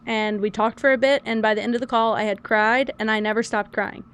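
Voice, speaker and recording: A woman's voice: fairly high pitch, a little fast, clean tone. Chatty young woman streamer. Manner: chatty, animated, self-described loud and yappy. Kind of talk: casual chat while gaming.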